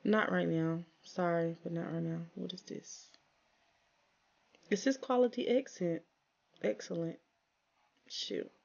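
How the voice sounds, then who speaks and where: A woman speaking narrates her farm game for viewers, talking back to her characters and airing small frustrations. Her voice sits a bit low with a gravelly edge. The recording sounds dull and lo-fi. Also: slow, long pauses, darkish tone. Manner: chatty, talks to viewers and her game characters, exasperated asides. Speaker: gaming channel host. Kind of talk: casual let's-play commentary.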